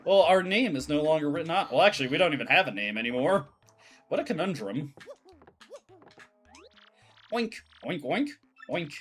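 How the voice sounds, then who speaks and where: A man's voice: a little high, lively intonation, quick pace, faint music behind. A man streaming a game, making wry, joking asides and reading dialogue aloud. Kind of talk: casual gameplay commentary, reading dialogue aloud.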